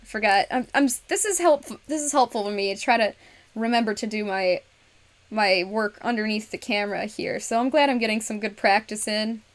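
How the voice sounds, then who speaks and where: Speaking fairly quickly in a medium-pitched voice, this woman hosts an easygoing craft livestream. Her frequent laughs punctuate the way she chats to viewers and talks herself through the process.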